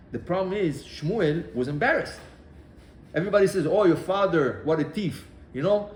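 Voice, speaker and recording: Rabbi w telling a gemara story, slightly high voice, echoey room w faint background noise. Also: male voice. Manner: animated storyteller acting out dialogue, many restarts. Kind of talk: Torah class storytelling.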